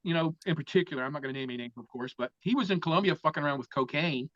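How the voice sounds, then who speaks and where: An older man from Florida tells a long story as an interview guest, cursing freely and acting out the other people in it. His voice sits a little high for a man. The recording is dry and close but dull and lo-fi. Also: racing, dry recording. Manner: profane, animated storyteller who acts out other people's lines. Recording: dull, lo-fi sound.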